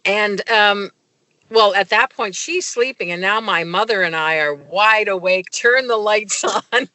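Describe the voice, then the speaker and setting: A woman's voice: medium pitch, a little slow, sharp tone, no room sound. A middle-aged woman, a guest in an interview, telling a personal story with many fillers and restarts. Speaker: guest, medical consultant.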